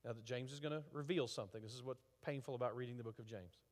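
A man preaching a conversational sermon, halting with fillers and restarts, rising to emphatic rhetorical questions. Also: mid-range voice. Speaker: pastor. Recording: reverberant hall.

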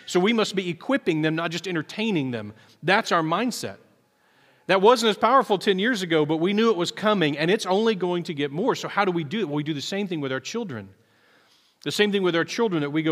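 Pastor preaching, kinda high voice, earnest, stumbles over starts, long church echo. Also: male voice, fairly bright tone. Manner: earnest, repeats words when starting sentences. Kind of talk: sermon. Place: church sanctuary.

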